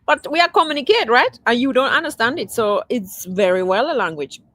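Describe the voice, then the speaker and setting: Chatty woman livestreaming, higher voice. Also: animated, a little fast, fairly bright tone, no room sound. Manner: chatty, answers viewer comments aloud; rambling, with many restarts. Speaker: livestream host. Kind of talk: casual livestream chat.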